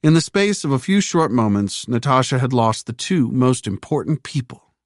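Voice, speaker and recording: A man reading an audiobook in measured, even, scripted narration. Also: mid-range voice, no echo, clean studio sound.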